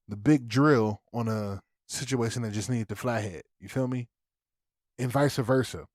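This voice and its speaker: A man's voice: medium pitch, darkish tone, dry recording, clean studio sound. A man co-hosting a podcast, telling a parenting story in casual chat and acting out the voices of his kids and himself. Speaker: podcast co-host.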